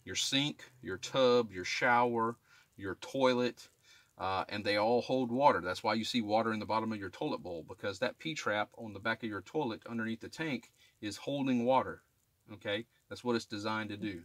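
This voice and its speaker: Plain-spoken tradesman with a lowish voice. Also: moderate pace, fairly bright tone, dry recording. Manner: plain-spoken, repeats "okay?" to check in with viewers. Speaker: HVAC technician demonstrating maintenance. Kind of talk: casual how-to demonstration. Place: residential attic. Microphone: camera filming himself while working.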